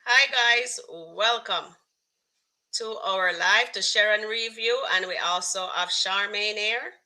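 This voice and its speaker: A woman hosting a casual live stream, relaxed and quick to laugh. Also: medium pitch, rough recording. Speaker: host.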